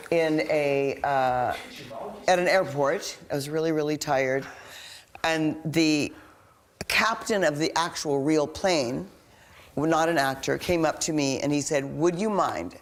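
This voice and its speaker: An older woman telling a story in casual chat, animated and dramatic as she acts out the voices. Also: low-pitched, slight background noise. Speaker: reality show housemate.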